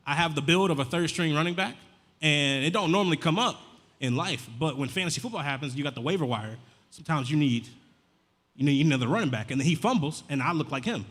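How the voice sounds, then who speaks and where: Fast-talking bright comedian on stage. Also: male voice, on the high side. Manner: deadpan, chatty crowd work with casual slang. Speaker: stand-up comedian. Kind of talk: stand-up comedy set. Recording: live venue with long reverb.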